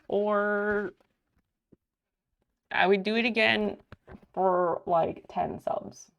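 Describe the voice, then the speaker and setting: A woman's voice: medium pitch, steady tone, extremely slow, vocal fry, pauses often. A woman livestreamer chatting casually at home, thanking viewers by name while sewing.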